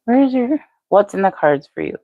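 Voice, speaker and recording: A woman's voice: medium pitch, fairly quick, dry recording, phone-quality sound. An older woman doing a live-stream tarot reading, chatty and matter-of-fact, speaking to viewers by name. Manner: even, matter-of-fact delivery. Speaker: tarot reader.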